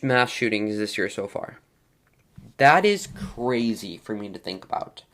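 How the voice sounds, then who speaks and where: A young man hosts his own podcast, talking casually and at length. He rambles, leans on fillers and stumbles over tricky names. His voice sits at an everyday middle pitch for a man. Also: fairly bright tone. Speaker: podcast host. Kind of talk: casual solo podcast talk.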